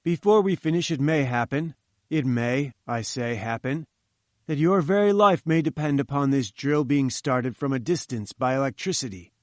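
A man voicing a domineering, irascible older male scientist who speaks in a curt, forceful, imperious way. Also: mid-range voice, animated, normal speed, dry recording, clean studio sound, close to an everyday voice.

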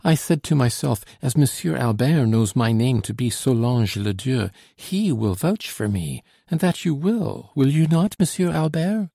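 A man's voice: medium pitch, lively intonation, a little slow, vocal fry, hardly any pauses, mellow, no echo, studio quality, pitched above the performer's own voice. A man putting on a frightened young laundress girl. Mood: pleading. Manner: pleading, trembling, politely ironic.

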